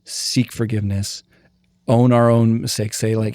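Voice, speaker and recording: A man's voice: fairly low pitch, flat delivery, moderate pace, darkish tone, no echo, studio quality. A man hosting a podcast, chatting supportively and often agreeing. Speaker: podcast host. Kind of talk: casual conversation.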